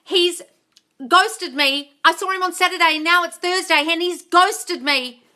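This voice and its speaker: A woman's voice: very high-pitched, a little slow, pushed and bright. A young woman running a livestream Q&A as a manifestation coach, blunt and sweary, stressing her points and reading viewers' comments aloud. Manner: blunt, sweary, emphatic, reads chat aloud. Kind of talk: ranting livestream Q&A.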